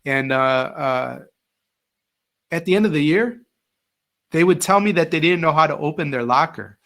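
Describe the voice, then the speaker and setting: A middle-aged former teacher tells stories as a guest in a casual interview, his voice fairly high and his pace normal. He's animated and acts out the voices of the people he quotes.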